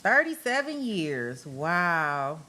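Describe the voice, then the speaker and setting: A woman's voice: lowish voice, big pitch swings, very slow, pushed and bright. A middle-aged woman hosting a livestream, chatting casually with her viewers, reading out and answering their comments by name and often breaking into laughter. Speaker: livestream host. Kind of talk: casual chat with live viewers.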